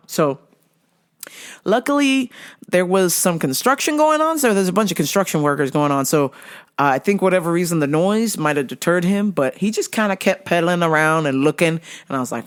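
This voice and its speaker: A woman's voice: lowish voice, animated, brisk. A woman hosting a podcast, telling a comic story in a casual, profane way, acting out her own reactions and laughing often. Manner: laughs often between lines. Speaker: podcast host.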